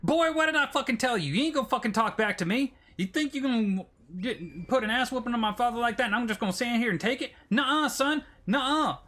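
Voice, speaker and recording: A swaggering redneck anime fighter, put on by a man, taunts in a thick Southern US drawl. His voice is bright and high, and it scolds like an older brother. It's an animated cartoon voice done for laughs. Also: quick pace, hardly any pauses, full character voice. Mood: taunting.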